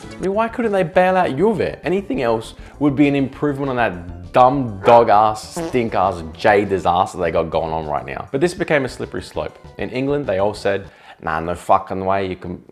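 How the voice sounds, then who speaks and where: A man's voice: medium pitch, expressive, moderate pace, soft background music. A man narrating a comedic video essay in a sarcastic, jokey manner, swearing freely. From Australia.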